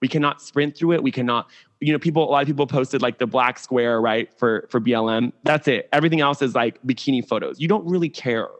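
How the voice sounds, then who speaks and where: A man's voice: medium pitch, quick pace. Candid, chatty man on a video call. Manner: animated, candid, heavy use of "like". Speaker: podcast guest. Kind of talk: casual interview chat.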